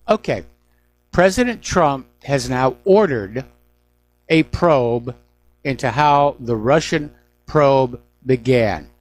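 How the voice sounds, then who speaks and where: A middle-aged man hosting a news talk radio show, giving emphatic, indignant opinions on the day's stories. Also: medium pitch.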